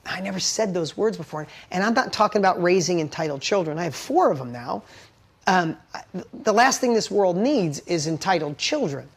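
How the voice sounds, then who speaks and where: A man's voice: high voice, expressive, normal speed. A middle-aged man and business owner giving an emotional motivational talk, intense and heartfelt, blunt with casual swearing. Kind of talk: emotional personal storytelling.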